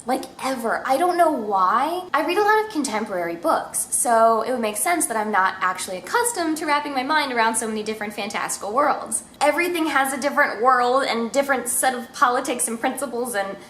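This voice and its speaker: A woman's voice: fairly high pitch, expressive, brisk, few pauses, fairly bright tone, a little hiss or hum. Bubbly young woman in an echoey room. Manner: bubbly, chatty, self-mocking asides. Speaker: book vlogger. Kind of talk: casual book review chat. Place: home room with a cat.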